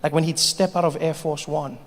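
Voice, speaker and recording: A middle-aged man with a South African accent doing a stand-up routine, telling stories with quick asides and impressions. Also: fairly high pitch, little pitch movement. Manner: storytelling with quick asides and mimicry. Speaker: stand-up comedian. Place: theater stage. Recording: reverberant live theater recording, faint noise.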